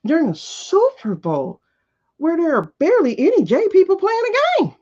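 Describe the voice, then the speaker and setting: A woman's voice: very high-pitched, wildly swooping pitch, normal speed, warm tone. A woman hosting a live tarot show, talking casually and bluntly, firing off repeated rhetorical questions with profanity. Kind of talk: casual opinionated talk on a livestream. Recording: dull lo-fi livestream audio.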